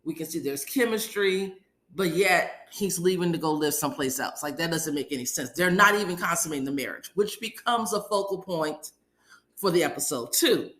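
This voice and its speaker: Casual recap host, chatty storyteller, acts out quotes, bright forceful tone, echoey room. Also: mid-range voice, lively intonation, normal speed. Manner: chatty retelling with acted-out quotes. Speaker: podcast host.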